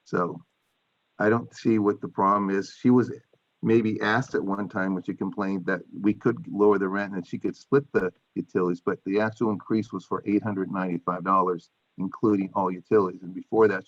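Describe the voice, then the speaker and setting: A man's voice: low voice, fairly even intonation, brisk, lo-fi sound. A man speaking as a landlord at a public hearing over a video call, defensive and repetitive. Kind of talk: public meeting testimony.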